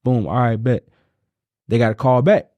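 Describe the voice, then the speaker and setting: Un hombre joven, copresentador de podcast, conversa de forma casual y cuenta anécdotas con subidas de tono al enfatizar. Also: male voice, normal speed, dry recording, dull audio. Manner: animated storytelling, pitch jumps when emphatic. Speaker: podcast co-host. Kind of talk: casual chat.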